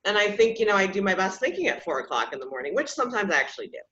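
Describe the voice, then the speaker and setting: A woman in her thirties hosts a podcast, speaking rapid-fire in a medium-pitched, sing-song voice with a sharp tone. She tells personal stories casually, candid and self-deprecating, often laughing at herself. The lo-fi recording sounds slightly dull.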